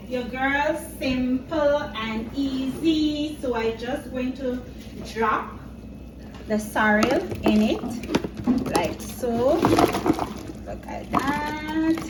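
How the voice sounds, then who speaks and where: A woman's voice: sits high, background noise. Jamaican woman chatting while cooking. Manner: chatty and teasing, talks straight to viewers. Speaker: cooking vlogger. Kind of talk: casual cooking chat. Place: home kitchen. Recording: echoey kitchen, mic a bit far.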